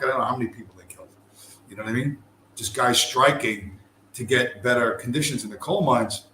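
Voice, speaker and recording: A man's voice: medium pitch, bright, forceful tone. A man ranting casually as a podcast host, profane and rambling, with heated asides. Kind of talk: casual rant. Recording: echoey room with faint ambient noise.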